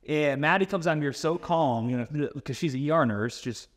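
A man telling a story in a relaxed interview. He talks casually and swears now and then. When he acts out what people said, his voice jumps up in pitch. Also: moderate pace. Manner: animated storyteller, acts out quotes. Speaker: personal trainer.

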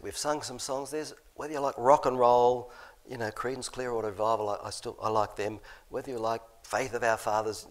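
Middle-aged male preacher, lowish voice, chatty and self-interrupting. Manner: chatty, self-interrupting, chuckles at own jokes. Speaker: preacher giving a talk. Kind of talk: informal sermon talk with slides.

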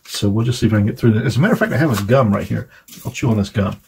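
A man giving a casual tarot reading to camera, halting now and then and chatting with his viewers. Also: lowish voice, gravelly, a little mellow, slight background noise. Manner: halting, frequent fillers and restarts; chatty, asks viewers to comment. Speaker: tarot reader.

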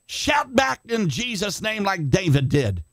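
Older guy preaching hard, kinda high pitched, yells at the big moments, dry mic. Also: very animated, measured pace, dry recording. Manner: impassioned, shouting climaxes, calls on congregation by name. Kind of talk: sermon.

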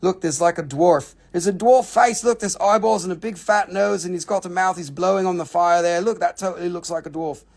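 Higher-voiced male host of a live mineral sale, loose and profane, goofing with fake accents. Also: fairly quick, gravelly, few pauses, a little mellow. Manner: joking, profane banter with playful put-on accents. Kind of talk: casual live sales stream.

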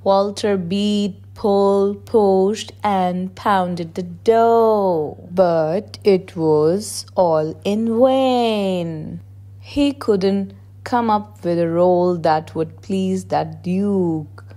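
A woman narrating a children's picture book aloud in a gentle, measured storytelling voice. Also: medium pitch.

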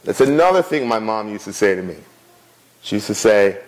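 A man's voice: on the low side, very animated, quick pace, low-quality recording. A middle-aged man preaching a sermon as pastor, conversational, with frequent asides to the congregation.

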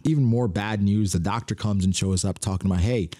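Lower-voiced man, excitable commentary. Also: normal speed, few pauses, no echo, studio quality. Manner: excitable, slangy, calls viewers bro. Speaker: manga reaction YouTuber. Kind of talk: casual reaction commentary.

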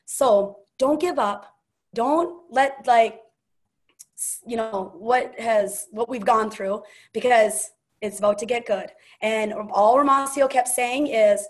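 Speaking slowly in a voice on the high side, a woman hosts a relaxed team call. Her storytelling is chatty and gushing, full of quotes from other people.

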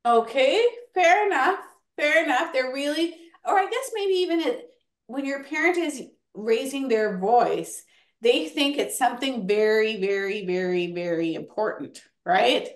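High-voiced animated woman teaching kids. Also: unhurried, reverberant. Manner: encouraging, animated, counts kids in. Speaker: workshop host. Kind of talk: lively classroom-style teaching.

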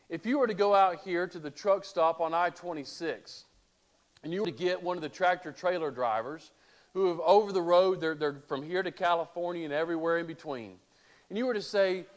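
A male pastor preaching a sermon, asking rhetorical questions and reading scripture aloud. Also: high-pitched.

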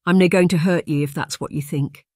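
A narrator voicing a big, commanding Highlander man with a Scottish accent and blunt, authoritative speech in an audiobook. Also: steady tone, a little fast, no room sound, studio quality, natural voice. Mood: firm. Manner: commanding, blunt, dialect words. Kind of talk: audiobook character voice.

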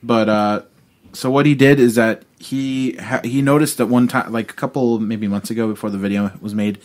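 A man's voice: mid-range voice, fairly even intonation, moderate pace, darkish tone. A man co-hosting a casual podcast, telling stories in a rambling way with lots of fillers and swearing. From Illinois. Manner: rambling storyteller, swears often, many fillers. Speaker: podcast co-host. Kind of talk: casual chat.

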